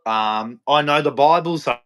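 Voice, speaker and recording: Man, high voice, preachy rant, repeats himself, heckles the listener. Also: normal speed, a bit bright. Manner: repetitive, heckling, challenging the listener. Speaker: vlogger. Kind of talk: preachy religious rant to camera.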